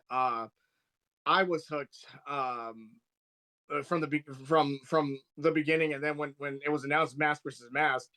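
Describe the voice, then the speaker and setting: A man with a bright, lifted voice, a touch higher than most, talking casually on a podcast. He rambles eagerly, restarting sentences as his excitement runs ahead of him. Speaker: podcast co-host. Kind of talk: casual wrestling podcast chat.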